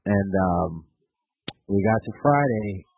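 A man calling in to a casual chat show, telling things in a laid-back, drawn-out way. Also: on the low side, expressive, gravelly, husky, dry recording. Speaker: caller. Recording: tinny phone-line audio.

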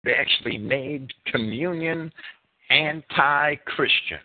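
A man with a New Jersey accent teaching a Bible sermon, emphatic and deliberate, stretching his key words. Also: on the high side. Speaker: preacher. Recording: phone-like narrow sound.

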